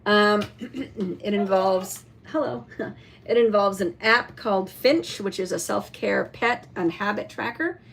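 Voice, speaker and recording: Woman, casual vlog, show-and-tell, leisurely pace, fillers and throat-clearing. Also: medium pitch, slow. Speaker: vlogger showing a toy.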